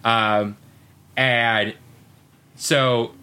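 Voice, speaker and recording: A man co-hosting a podcast, chatting casually and telling rambling, animated stories. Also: mid-range voice, very slow, clean tone. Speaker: podcast co-host. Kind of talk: casual chat.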